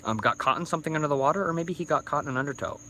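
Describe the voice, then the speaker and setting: A man's voice: a little high, very fast, sharp tone, slight background noise. A thirty-year-old man, a little drunk, rambling through a casual vlog rant with stumbling restarts and swearing, recorded on a phone. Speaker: YouTuber.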